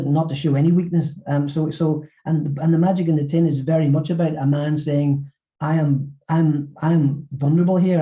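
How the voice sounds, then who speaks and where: A middle-aged man speaks quickly in a webinar interview, stumbling over repeated words as he goes. His voice is deep and mellow, and it comes through a muffled, lo-fi recording. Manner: halting, with many repeated words. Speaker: author and former physiotherapist.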